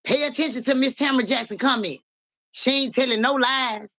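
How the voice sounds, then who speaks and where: High-pitched, brisk, and pushed bright, a woman's voice carries a casual livestream where she works as a psychic reader. She swears in street slang, greets viewers by name, repeatedly asks "you hear me," and coughs or clears her throat occasionally.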